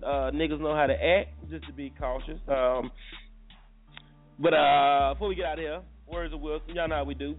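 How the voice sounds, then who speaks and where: A man hosting a casual morning talk show, joking loosely and repeating himself. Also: a little high. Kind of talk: casual radio chat. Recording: phone-line sound, faint music.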